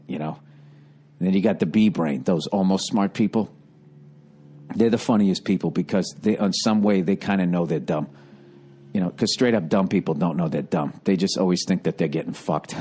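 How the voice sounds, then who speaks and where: A man hosting a podcast, ranting a comedic story in a profane, animated way with a Boston accent. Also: low voice. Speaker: podcast host.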